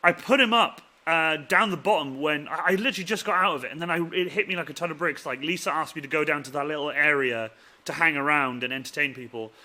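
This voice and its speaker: Man telling funny stories on a live chat, trails off low at the end, sharp bright tone. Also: quick pace. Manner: animated storyteller, voice drops low and trails off at the ends of stories. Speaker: host. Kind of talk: casual chat.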